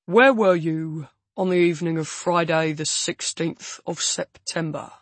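A woman voicing a blunt male police officer who questions in a flat, heavy manner. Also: low-pitched, a little slow, no echo.

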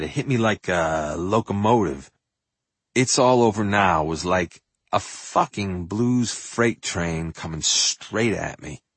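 An older man from New York narrates his own life story, shifting between loud outbursts and hushed asides and swearing freely. His voice sits low and has a husky grain. The recording is dry and close. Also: no room sound. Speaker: memoir narrator. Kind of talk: audiobook memoir narration.

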